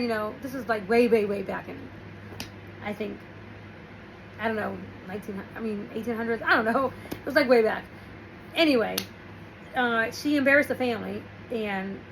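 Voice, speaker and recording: A woman with a high voice talks loosely and conversationally, often restarting sentences as she wanders through a story. Faint noise sits under the recording. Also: a bit bright, low-quality recording. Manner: rambling, restarts, storytelling with quoted asides. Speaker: host. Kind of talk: casual advice talk.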